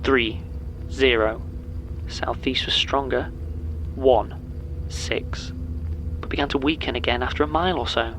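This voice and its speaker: An actor playing a man who slowly reads out ominous coded numbers in an audio drama, with a gravelly, halting delivery. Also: mid-range voice, fairly bright tone, slight background noise, poor audio. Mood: grim, measured.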